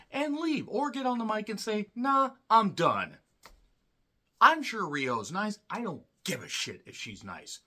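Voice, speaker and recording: A man rants through a solo wrestling review in a fairly high, bright voice that swings widely in pitch. He is blunt and swears freely, and he keeps stopping to clear his throat. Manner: ranting, blunt and profane.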